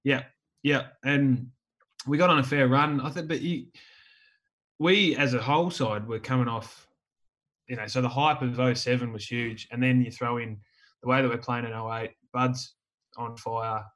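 A man's voice: mid-range voice, normal speed. Laid-back Australian man telling stories. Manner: relaxed, rambling, laughs while telling stories. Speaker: guest, former footballer. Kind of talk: casual storytelling chat.

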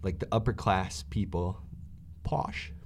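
A man's voice: deep voice, lively intonation, slow pace, gravelly, slight background noise. A man co-hosting a casual podcast, playfully laying out a theory at length. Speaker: podcast co-host. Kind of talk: casual chat.

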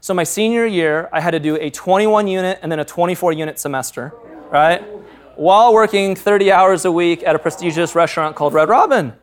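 A man's voice: high voice, a little fast. A man in his thirties, a pastor, preaching a sermon through candid, humorous personal stories. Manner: candid, humorous storytelling with frequent laughs.

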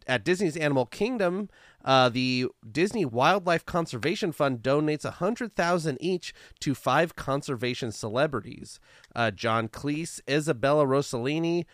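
A man co-hosts a casual podcast, reading out a run of dates and events with a self-mocking laugh. His voice is smooth and resonant. The sound is dry and close, with no room around it. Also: medium pitch, a bit bright, dry recording. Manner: laughs at himself, reads lists of dates and events. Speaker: podcast co-host.

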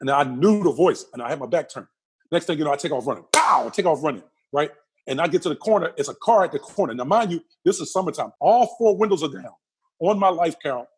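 A man being interviewed, telling a personal story with lively energy and acting out the other people's lines. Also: on the high side, fast, husky. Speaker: interview guest.

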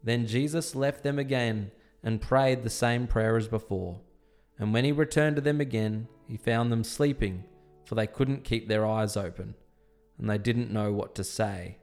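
Male scripture reader, measured storytelling delivery, faint instrumental music underneath. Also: mid-range voice, darkish tone. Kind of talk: dramatized scripture reading.

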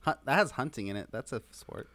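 A man co-hosting a casual podcast, jumping from joke to joke. His pitch swings widely as he riffs. The sound is dry and close. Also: a little fast, dry recording. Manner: animated, jokey, trails off mid-thought. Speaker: podcast co-host. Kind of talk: casual chat.

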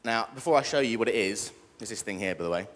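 A man's voice: lowish voice, fast, fairly bright tone. A young British man preaching a casual sermon and joking with the congregation. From Britain. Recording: echoey church hall.

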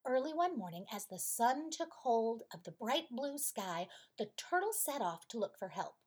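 A woman storyteller reads a bedtime tale in a gentle, soothing way, unhurried and drawn out. Her voice sits a little high and moves a lot, with a soft, breathy grain. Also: big pitch swings. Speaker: podcast storyteller.

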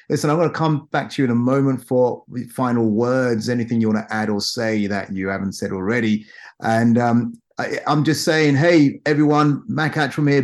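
An upbeat male podcast host affirms his guest and repeats phrases to drive a point home. His voice sits at an ordinary pitch for a man as he moves the interview along. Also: a little mellow. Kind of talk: interview hosting.

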